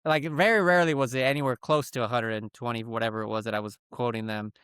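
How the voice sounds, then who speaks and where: A man's voice: mid-range voice, steady tone, quick pace, fairly bright tone, smooth, no room sound, clean studio sound. A man co-hosting a podcast, telling a story in casual chat and acting out phone calls in put-on voices. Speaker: podcast co-host.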